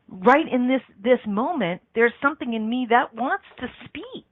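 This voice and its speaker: A woman's voice: fairly high pitch, expressive, moderate pace, hardly any pauses. A woman hosting a motivational radio show, talking earnestly in a coaching manner and repeating phrases for emphasis. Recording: dry, tinny phone-line sound.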